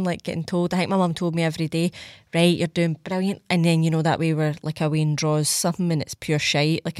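A woman's voice: deep voice, a little mellow, dry recording, studio quality. A young Scottish woman hosting a podcast, chatting casually, swearing freely and acting out little scenes. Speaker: podcast host. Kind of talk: casual solo podcast chat.

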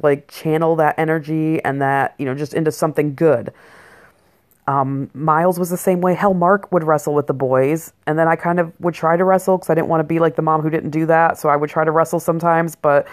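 A woman in her forties with a notably low voice tells stories about raising her boys. She rambles casually, swears freely and fills her talk with "like" and "you know," sounding blunt and unfiltered. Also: a little mellow. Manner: rambling, blunt and profane with lots of fillers. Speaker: mother of boys. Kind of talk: casual personal monologue.

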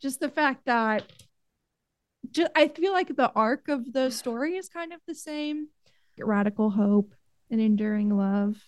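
A woman's voice: fairly high pitch, expressive, measured pace, dry recording. A woman in her twenties in casual conversation, effusive and easily moved. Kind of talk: casual chat.

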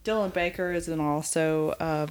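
A woman from the American South, co-hosting a podcast and reviewing a TV series in an animated, emphatic way. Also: low-pitched, moderate pace, clean tone. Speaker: podcast co-host. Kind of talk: casual chat reviewing a TV series.

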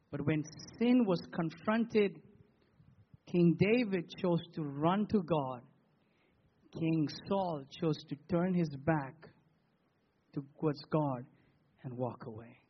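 A man preaching a sermon as pastor, posing rhetorical questions with emphatic pauses. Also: fairly high pitch, highs cut off, slight background noise.

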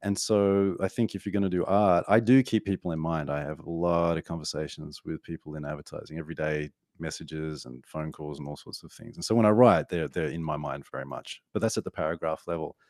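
An Australian man in his forties, an author guest on a podcast, talking in an animated, playful way. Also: very deep voice, brisk, few pauses, no echo, studio quality. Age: 40s. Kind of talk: podcast conversation.

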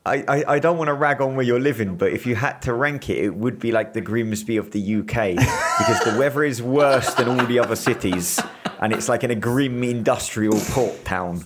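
A man's voice: medium pitch, moderate pace, slight background noise. A man hosting a casual podcast, teasing and joking in crude banter. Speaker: podcast host. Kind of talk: casual chat.

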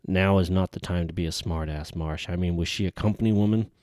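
A man's voice: low voice, steady tone, quick pace, no echo, clean studio sound, close to an everyday voice. A man reading a storybook voices a stern, hot-tempered male team leader who gives curt orders. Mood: angry. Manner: curt, commanding, sharp outbursts.

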